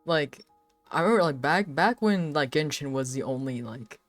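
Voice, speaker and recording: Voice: medium pitch, animated, normal speed, no echo, faint music behind. A young adult live streamer chatting casually while drawing, rambling with lots of filler words, frequent laughs and swearing.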